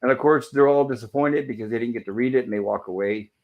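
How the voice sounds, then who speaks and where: A man's voice: mid-range voice, fast, narrow, tinny audio. A man hosting a show, recapping sitcom episodes over slides in a loose, apologetic way, with many fillers and self-corrections. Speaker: host reviewing episodes of an old TV sitcom.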